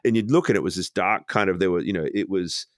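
Guy on a podcast from home, lowish voice, reflective, keeps restarting his sentences, dry sound. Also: dry recording. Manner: reflective, halting, many restarts. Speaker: podcast guest. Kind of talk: casual conversation.

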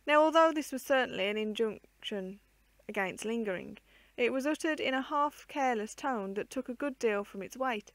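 A woman reading an old children's book aloud in a measured, expressive way. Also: a little high, no room sound. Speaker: storyteller.

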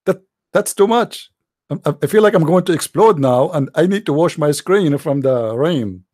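A man's voice: a little high, lively intonation, normal speed, a little mellow, dry recording, clean studio sound. A man with an Arabic accent, a non-native English speaker, giving a sarcastic, incredulous monologue as he reads from a screen. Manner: sarcastic, incredulous, mimics sneezes. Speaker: online religious commentator. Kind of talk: mocking monologue reading from a screen.

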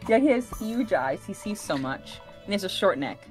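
A woman's voice: medium pitch, sing-song, a little fast, music in the background. A young woman guest on a game stream, dry and teasing as she chats to viewers. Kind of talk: casual game stream chat.

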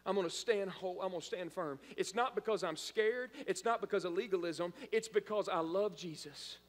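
High-voiced preaching man in a hall. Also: brisk. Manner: emphatic preaching, repeats phrases for emphasis. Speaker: pastor. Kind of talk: live-streamed sermon. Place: church sanctuary.

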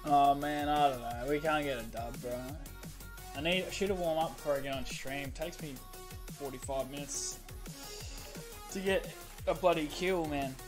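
A man's voice: a little high, moderate pace, long pauses. A man streaming a shooter game, joking about himself in laid-back casual chat. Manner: laid-back, self-deprecating banter. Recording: music playing behind.

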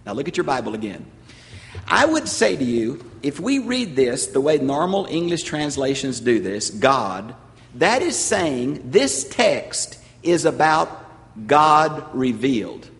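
An older man with a Southern US accent teaching a sermon to a congregation, explaining with emphasis and slowing on key phrases. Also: medium pitch. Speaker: pastor and Bible teacher. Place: large church sanctuary. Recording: long hall reverb.

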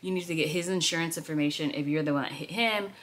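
A woman's voice: low-pitched, fast, a bit bright. A woman voicing a hesitant young woman on the phone who questions her in a doubtful tone.

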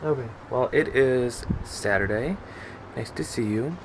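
A man's voice: mid-range voice, measured pace. Young male vlogger, jokey and chatty, recorded outside with street noise. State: a bit out of breath at times. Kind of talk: casual vlog chat. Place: outdoors on a hike and on city streets. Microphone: handheld camera. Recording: outdoor street noise and traffic.

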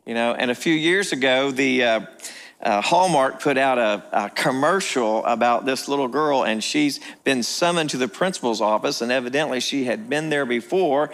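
Pastor, male, mid-pitched voice, folksy sermon delivery with rhetorical questions. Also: moderate pace, a bit bright. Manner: conversational storytelling, rhetorical questions.

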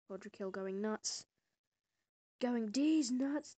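Excitable woman doing slow game commentary. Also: a little high, no echo, highs cut off. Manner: excitable, bursts into exclamations and laughs. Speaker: gamer. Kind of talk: casual gameplay commentary.

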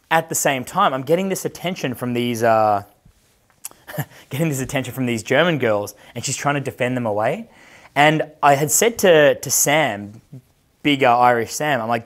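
A man working as a dating coach, telling casual stories in a brash, profane way, laughing often and acting out the voices of the people in his stories. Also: medium pitch. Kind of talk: casual storytelling chat.

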